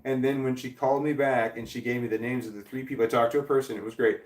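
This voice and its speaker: A man's voice: medium pitch, steady tone, fast talker, reverberant, far from the mic, slight background noise. A man hosting a casual livestream from a chair indoors, rambling and self-deprecating as he answers chat. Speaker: livestream host. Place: indoor room, seated in a creaky chair.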